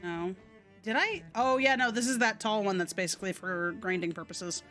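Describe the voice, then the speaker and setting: A woman's voice: mid-range voice, moderate pace, a bit bright, faint music behind. A woman streaming a video game live, chatting and muttering to herself with a casual, loose delivery.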